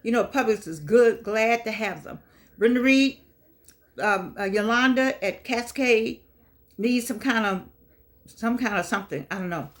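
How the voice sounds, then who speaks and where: A woman's voice: on the high side, a little slow. An older woman, hosting a casual motivational vlog with effusive, rambling talk that repeats itself, her speech shaped by missing front teeth. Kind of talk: casual chatty monologue.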